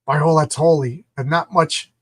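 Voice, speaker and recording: A man's voice: a little high, steady tone, normal speed, husky. A man voicing a flaming undead male avenger, declaiming theatrically. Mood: defiant.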